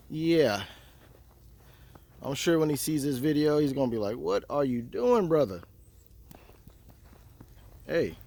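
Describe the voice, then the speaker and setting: The fishing vlogger here is a man whose fairly high voice carries a dark tone. Out by a river in a snowstorm, he chats casually with his audience and makes fun of himself.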